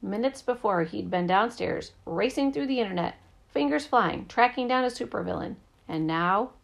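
A woman narrating a children's story in the first person, lively and brisk. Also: medium pitch, creaky. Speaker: audiobook narrator.

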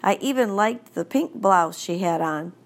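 A woman narrating a children's audiobook in a gentle, deliberate storytelling manner. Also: mid-range voice, expressive.

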